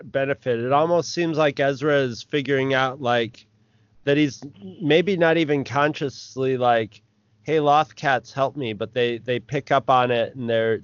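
A man co-hosting a podcast, speaking haltingly as he searches for his words. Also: mid-range voice, steady tone, smooth, no echo, dull audio. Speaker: podcast co-host. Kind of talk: casual discussion.

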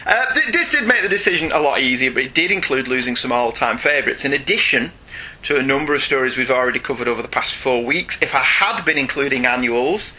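A man's voice: mid-range voice, lively intonation, fast talker, bright, forceful tone. A man, co-hosting a casual podcast chat, reading listener emails and joking about them. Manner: chatty, self-deprecating, laughs often. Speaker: podcast co-host.

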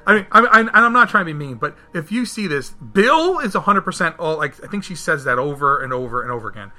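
A man recapping a movie in casual chat, animated and acting out the characters' lines. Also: fast. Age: adult, married. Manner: animated, acts out quotes with big jumps in pitch. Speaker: podcast co-host reviewing a film.

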